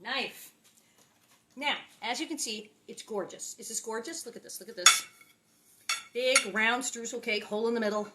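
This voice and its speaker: A woman's voice: a little high, moderate pace, background noise. A woman hosting a casual home cooking demo in her kitchen, chatty and playful, exclaiming often. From Los Angeles. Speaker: cooking show host.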